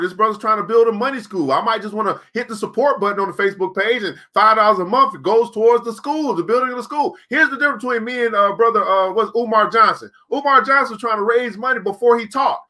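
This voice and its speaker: A man's bright, forceful, high-sitting voice carries his live online crypto trading class. In casual, preachy live-stream talk, he reads comments sent in by viewers.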